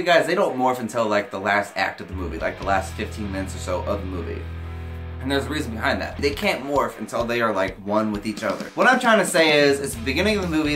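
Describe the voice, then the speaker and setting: A young man giving a casual movie review vlog, emotional and excitable, swearing freely as his pitch leaps when he gets worked up.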